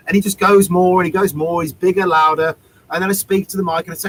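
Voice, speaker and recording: A man, a street performer, telling a story in casual chat, animated and acting out both sides of an exchange. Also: high voice, a little fast, slight background noise, poor audio.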